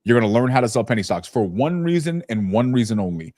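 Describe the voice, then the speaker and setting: A man hosting a casual business podcast who tells stories bluntly and profanely and slips into lively impressions of people. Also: medium pitch, fast talker, no echo, studio quality. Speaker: podcast host.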